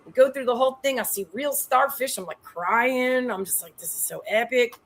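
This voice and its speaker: Animated, slangy woman telling stories. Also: fairly high pitch, moderate pace. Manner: animated, slangy, swings into loud excited peaks. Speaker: guest. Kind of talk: casual storytelling on a show.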